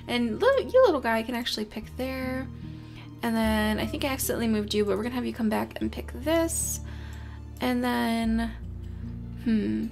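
A young woman who hosts a gaming channel gives casual let's-play commentary in a high, gravelly voice over soft background music. She's chatty, talks to her game creatures, and gets flustered easily.

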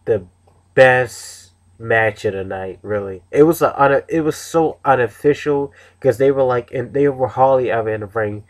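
A man giving a casual, rambling review of a wrestling show, with many restarts and fillers. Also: mid-range voice.

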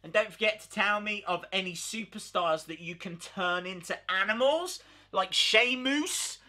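A wrestling YouTuber with a high, very bright and sharp voice, talking casually straight to his viewers. He keeps chuckling as he comments and sounds amused throughout. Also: a little slow. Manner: amused, often laughing.

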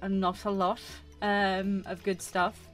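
A woman talks through her gameplay in a loose, rambling way, filling gaps with ums and uhs and chiding herself for slips. Her voice sits mid-pitched. Faint game music plays underneath. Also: flat delivery, slow pace. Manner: chatty, self-chiding, rambling with many fillers. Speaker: gaming YouTuber. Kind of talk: casual gameplay commentary.

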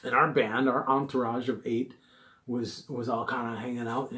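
A middle-aged musician tells a casual, rambling story about his band's early gigs, drifting into fond asides and quoting other people. His ordinary mid-pitched voice is level and sharp in tone, at a moderate pace.

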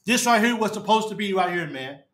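Distraught man ranting, high bright voice. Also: expressive. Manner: upset, halting, repeats himself, trails off low. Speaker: fan podcast host. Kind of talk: emotional live-stream rant. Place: his apartment.

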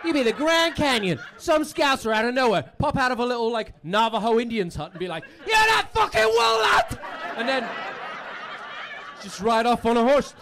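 A man doing stand-up crowd work on a comedy club stage, rowdy and sweary, building up to shouts. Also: very high-pitched, fast, hardly any pauses, background noise.

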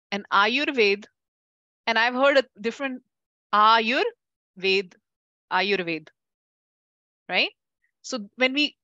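Bright, lively woman teaching a class. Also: fairly high pitch, no room sound, lo-fi sound. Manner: lively, chatty, calls on students by name, laughs easily. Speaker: Ayurveda teacher. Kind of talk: classroom lecture with questions to students.

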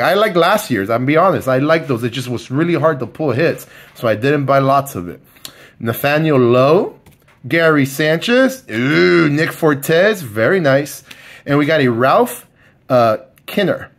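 A man chatting excitedly while he rips open card packs on camera. His voice sits a little high and swings up and down a lot, with plenty of fillers and quick asides to his viewers. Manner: excited, talks to viewers by name, lots of fillers. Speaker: card collector opening packs. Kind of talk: casual unboxing commentary.

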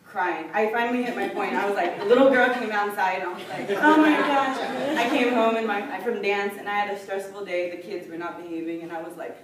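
A young woman giving an excited, gushing stage speech full of "like" fillers in a large hall. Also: mid-range voice, quick pace, hardly any pauses. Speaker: award speaker. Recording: echoey hall, far from the recorder, loud crowd noise.

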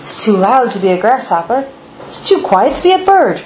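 A big, greedy, simple-minded man who booms and blusters his way along, as a woman reading a storybook plays him. Echo from the room follows each line. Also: big pitch swings, moderate pace, background noise. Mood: blustering. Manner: booming, blustering. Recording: echoey room.

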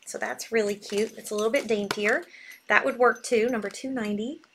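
A bubbly woman hosts a live selling stream and gushes freely. Her voice sits a touch high for a woman, bright with easy enthusiasm. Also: steady tone, brisk, a little hiss or hum. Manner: bubbly, gushing. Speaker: live sale host.

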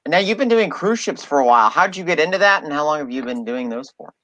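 A man's voice: a little high, expressive, fast talker, pushed and bright, highs cut off. A man hosting a casual interview, asking questions and encouraging his guest. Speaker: interview host.

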